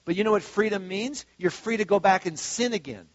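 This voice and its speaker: A man's voice: high voice, a little fast, dry recording. Conversational preacher man, dull lo-fi recording. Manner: conversational preaching, many asides and restarts. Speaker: pastor. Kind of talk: sermon.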